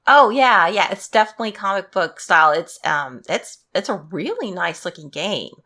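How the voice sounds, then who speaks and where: A woman's voice: mid-range voice, very animated, normal speed, bright, forceful tone. A woman chatting casually on a podcast as a guest streamer, rambling with many fillers and giggling.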